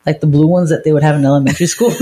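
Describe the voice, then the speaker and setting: A woman from Southern California, co-hosting a podcast and telling a wild story in a casual, profane, animated way. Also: sits low, husky. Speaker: podcast co-host.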